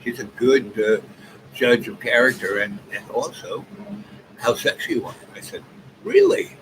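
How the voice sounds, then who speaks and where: A man's voice: mid-range voice, steady tone, moderate pace. A man in his seventies rambling through a long personal story with many asides. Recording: noisy background ambience.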